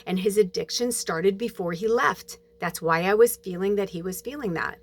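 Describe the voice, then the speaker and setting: A woman's voice: medium pitch, moderate pace. A woman talking in a personal monologue, emotional and holding back tears, swearing as she goes. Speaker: spiritual medium.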